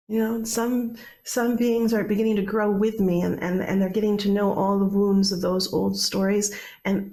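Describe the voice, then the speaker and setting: A woman telling a myth in a relaxed, conversational way, with restarts and playful asides. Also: mid-range voice, gravelly. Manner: conversational, playful, with many restarts and animated quoted voices. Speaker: storyteller. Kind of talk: oral mythtelling.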